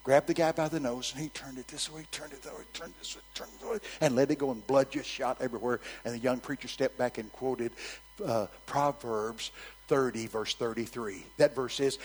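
A man's voice: medium pitch, brisk, big-room sound, low-quality recording. A man preaching a sermon, telling stories with animation and calling out to his congregation. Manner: animated storytelling, calls out to the congregation.

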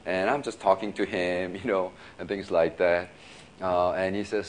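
A male pastor preaching in a casual, storytelling way, laughing often and filling his talk with "you know" and quick restarts. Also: low-pitched, steady tone, a little hiss or hum. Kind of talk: sermon storytelling.

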